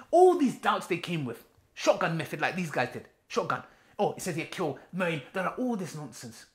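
A man's voice: high-pitched, fairly bright tone. Guy preaching to camera, emphatic and fired up, voice swoops up and down a lot. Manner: emphatic, repetitive, rising to heated outbursts. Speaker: online preacher. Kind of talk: impassioned street-style talk.

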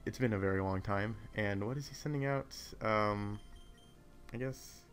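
In this casual let's play, a gameplay commentator speaks at a moderate pace in a lowish, slightly bright voice. He rambles and gets sidetracked easily, talking quietly in a hotel room with noticeable echo.

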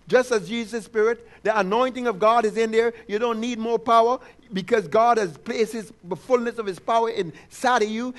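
A man with a strikingly high voice preaches a sermon. He keeps prompting the congregation for responses and repeats affirmations, drawing out key words slowly to stress them. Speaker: pastor.

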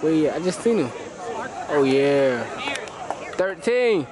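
Excitable young man vlogging outdoors. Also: on the high side, slow pace, over a noisy crowd, heavy background noise. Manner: joking, excitable, slangy hype talk to the camera. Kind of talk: casual vlog chat. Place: outdoors at a youth football game.

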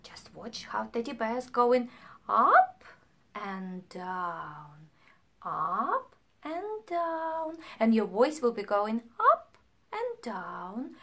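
A woman leading a sing-along music lesson for young children, animated and playful, singing and dropping into hushed whispers. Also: on the high side, extremely slow, creaky. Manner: animated, swings between sung lines and hushed whispers.

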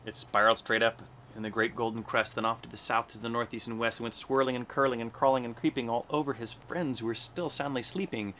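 A man's voice: mid-range voice, steady tone, quick pace, few pauses, bright, forceful tone, slight background noise. A man reading a children's rhyming storybook aloud, giving the animals little voices in a sing-song way. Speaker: storybook reader. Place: aboard a space station.

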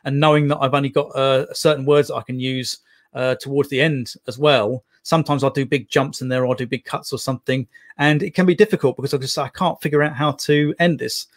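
A man's voice: mid-range voice, steady tone, fast. A man guesting as a poet in an interview, talking in a casual, rambling way with many restarts and fillers.

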